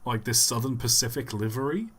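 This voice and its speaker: A man's voice: mid-range voice, animated, fairly quick, a bit bright, husky. A man live-streaming and giving rambling, wry commentary with the odd chuckle.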